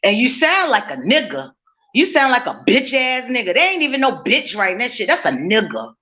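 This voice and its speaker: Her fairly high voice is very animated, pushed and bright, and she talks a little fast. She's a livestream host cooking in her home kitchen, speaking bluntly to her chat, swearing freely and laughing a lot, all captured in lo-fi sound.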